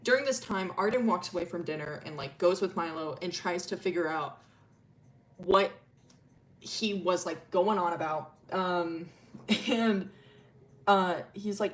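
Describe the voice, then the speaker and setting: A woman's voice: on the low side, unhurried. A woman streamer casually telling a long story, rambling with lots of fillers, laughing often and swearing freely.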